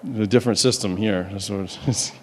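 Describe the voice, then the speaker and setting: A man from New Hampshire, USA, performing as a stage hypnotist, speaks with volunteers at normal speed in a lowish voice, with a little hiss or hum on the audio. His patter is loose and rambling with frequent restarts, captured live in a large campus hall with long reverb.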